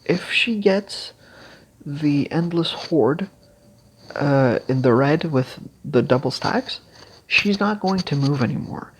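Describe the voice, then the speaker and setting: A casual game strategy guide creator explaining team builds haltingly, with many fillers and restarts, and clearing their throat now and then. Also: mid-range voice, lively intonation, low-quality recording.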